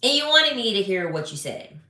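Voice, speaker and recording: A woman's voice: medium pitch, brisk. A young adult woman giving blunt, sassy relationship commentary, talking casually to her viewers. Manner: blunt, animated, sassy, swears freely. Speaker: relationship advice creator. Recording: echoey room.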